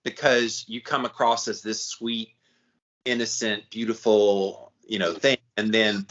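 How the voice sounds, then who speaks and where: A man co-hosting a podcast in casual chat, telling stories in an animated way. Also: on the low side, unhurried, dull audio. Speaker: podcast co-host.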